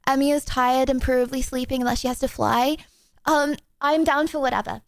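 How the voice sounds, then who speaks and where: A woman streamer chatting casually with viewers, excitable and rambling, often apologizing. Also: high-pitched, brisk, dry recording.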